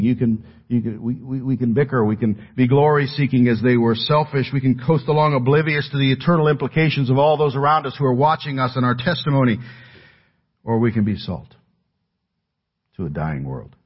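Husky-voiced preacher in lo-fi sermon audio. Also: male voice, medium pitch, fairly quick. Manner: earnest preaching, swings from loud emphasis to near-hushed pleading. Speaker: pastor.

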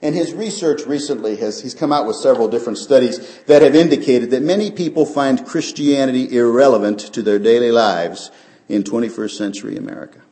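A man's voice: mid-range voice, fairly quick, dark tone. A man preaching a sermon as pastor, talking earnestly and building up to emphatic peaks. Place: church sanctuary. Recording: echoey church sanctuary.

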